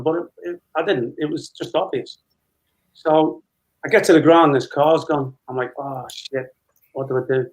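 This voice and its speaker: A man's voice: on the high side, poor audio. A man in his fifties, a guest telling a long casual anecdote and acting out dialogue as he goes. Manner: chatty storyteller, re-enacting dialogue with laughs.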